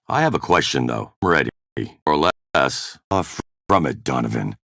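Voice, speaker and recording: Gravelly, curt privateer captain. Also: male voice, a bass voice, no room sound, studio quality, heavily acted. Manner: curt, sardonic one-liners. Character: hard-bitten male privateer captain, blunt and mercenary. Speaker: voice actor in game recording sessions. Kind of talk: video game voice-over takes.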